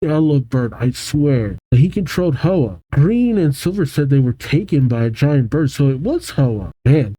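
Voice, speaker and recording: A man's voice: fairly high pitch, animated, measured pace, warm tone. A man hosting a reaction video, reading a comic aloud with amused, chatty asides.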